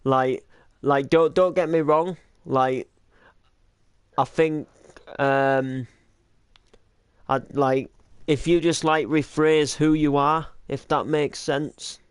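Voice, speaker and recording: A man's voice: fairly high pitch, steady tone, slow pace, long pauses, clear, resonant tone, no room sound. A young British man hosting a casual reaction to his old videos, rambling with lots of likes and restarts.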